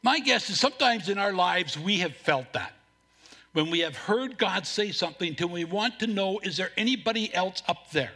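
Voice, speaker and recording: A man preaching a sermon as pastor, earnest, telling a story, with a few halting restarts. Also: high voice, animated, bright, forceful tone.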